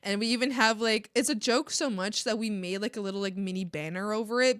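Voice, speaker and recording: A young woman from Mexico chatting casually on an art stream, animated and ranting, laughing often and swearing casually. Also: mid-range voice, clean tone, dry recording, studio quality. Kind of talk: casual live-stream chat.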